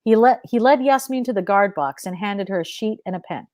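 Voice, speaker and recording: A woman reads her own fiction aloud in a measured, expressive voice. Her pitch sits in a middle range, and the sound is dry and close with no room echo. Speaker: author reading her fiction. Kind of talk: live fiction reading.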